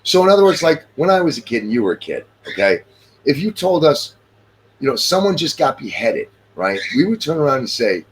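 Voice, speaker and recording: A man's voice: mid-range voice, very animated, a little fast, a little hiss or hum. A middle-aged man in casual chat, talking emphatically and repeating his points.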